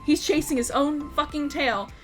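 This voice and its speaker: Woman storyteller, high voice, loose unscripted rambling with heavy swearing, faint music under. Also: moderate pace. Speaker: YouTube storyteller, game master.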